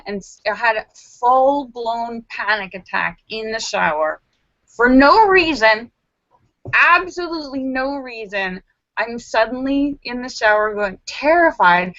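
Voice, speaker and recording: A woman hosting a casual live stream from home, telling stories in a rambling way with lots of fillers and restarts, and acting out her own frantic self-talk in sudden high squeals. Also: animated, measured pace, a bit bright, no echo. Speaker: livestream host. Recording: dull lo-fi sound.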